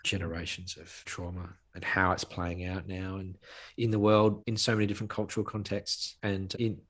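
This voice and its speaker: A man speaking as a podcast guest, with a lowish voice that has a husky edge. He talks earnestly, driving points home by repeating phrases, in a conversational interview. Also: little pitch movement, normal speed, a bit bright.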